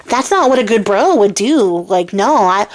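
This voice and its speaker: A woman's voice: mid-range voice, expressive, normal speed, lightly acted. A woman voicing a loyal, earnest young male courtier who talks in casual slang and hesitates.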